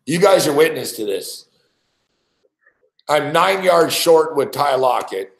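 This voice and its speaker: A man's voice: a little high, expressive, takes it slowly, gravelly, echoey room. A man ranting in a frustrated, profane way as he reacts live to a game he has bet on. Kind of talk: casual live reaction rant.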